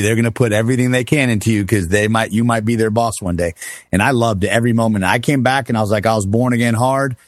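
A middle-aged man telling his army stories as an interview guest, animated, acting out the voices he quotes and laughing often. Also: mid-range voice, no echo, clean studio sound. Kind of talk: casual storytelling interview.

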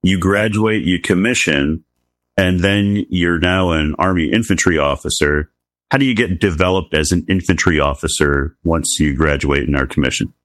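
A man hosting an interview, asking relaxed, short questions that prompt his guest. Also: low voice, moderate pace, dry recording. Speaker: host, interviewer.

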